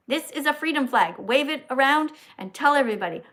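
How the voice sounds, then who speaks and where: A woman hosting a live stream, blunt and bossy, often turning aside to talk to viewers. Her voice sits a little high and her manner stays confrontational. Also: lively intonation, fairly quick, few pauses, a bit bright. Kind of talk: casual live-stream chat.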